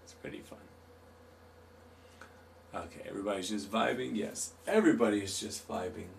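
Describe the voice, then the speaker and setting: A man's voice: on the low side, normal speed, vocal fry, distant mic, a little hiss or hum. A man hosting a live stream, laid-back and chatty, reading out and answering chat while he draws. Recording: roomy, off-mic, faint guitar music.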